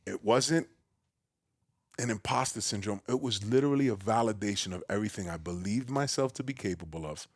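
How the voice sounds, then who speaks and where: A man from the Bronx with a New York accent, a podcast guest telling his story in a big, loud, boisterous way. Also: a little fast, no echo, clean studio sound. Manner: acts out quoted voices with a raised pitch. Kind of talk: casual storytelling conversation.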